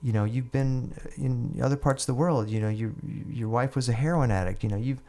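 A man's voice: lowish voice, normal speed. A man voicing a tipsy male friend at a bar who keeps pressing and scolding, repeating "man". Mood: insistent.

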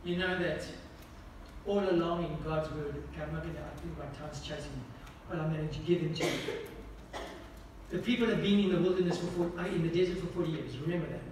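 High-pitched male pastor preaching, keeps asking the congregation stuff, loud then hushed, big echoey hall, mic far off. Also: fast talker, slight background noise. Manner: asks the congregation repeated questions; swings between loud emphatic lines and hushed quiet ones. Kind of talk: sermon.

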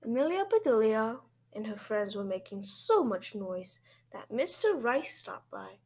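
A woman reads a children's picture book aloud, gentle and expressive. Her voice is slow and breathy, with a lively, rising and falling pitch.

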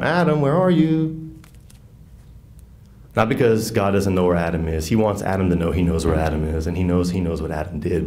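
A man with a low, deep voice and a Southern US accent leads a teaching session. He speaks in an earnest, folksy, conversational way and keeps checking in with his listeners. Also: a little mellow. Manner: earnest, folksy, with frequent "right?" asides. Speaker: catechist teaching a workshop on faith and marriage. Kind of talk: conversational teaching talk to a group.

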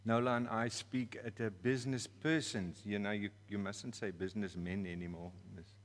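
A man's voice: fairly low pitch, fairly even intonation, normal speed, long reverb tail. A man with a South African accent preaching a storytelling sermon in a church, playful and laughing at his own story.

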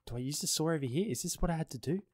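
A man playing a horror game, talking himself through it, reading notes aloud, swearing and yelling at jump scares. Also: on the high side, very fast, dry recording, clean studio sound. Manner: jumpy, swearing, screams at scares. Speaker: gaming streamer. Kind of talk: horror game let's play commentary. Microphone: desk microphone.

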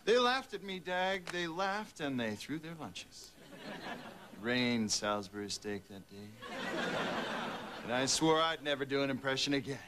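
A timid, put-upon male agent, hesitant and earnest. His pitch moves around a lot. The soundtrack behind him is loud with noise. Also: big pitch swings, unhurried. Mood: nervous.

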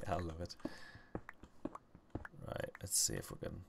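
A man's voice: deep voice, very animated, extremely slow, gravelly, pauses often, a bit bright, slight background noise. A man giving casual commentary while he plays a game, often muttering to himself and rambling into stories. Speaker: gaming channel host.

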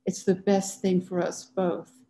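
A woman's voice: fairly low pitch, completely flat delivery, measured pace, dark tone, natural voice. A woman reading the lines of a despairing, drunk young husband who speaks weakly and pleads. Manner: weak, whimpering, pleading.

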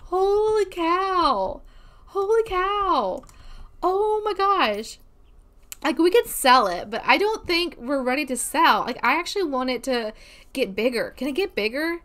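A woman's voice: high voice, very animated, moderate pace, a bit bright. A woman hosting a casual gameplay let's play, gushing with bubbly exclamations as she plays.

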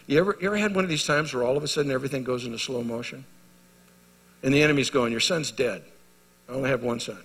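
A middle-aged male pastor preaching a sermon, telling stories and moving from loud exhortation to hushed intensity. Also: mid-range voice. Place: large hall at a men's retreat. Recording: live sermon in a reverberant hall.

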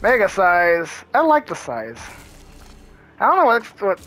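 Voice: mid-range voice, wildly swooping pitch, unhurried, a bit bright, faint music behind. A gameplay commentator talking through a hard run in casual let's-play style, nervous and muttering reactions with frequent swearing.

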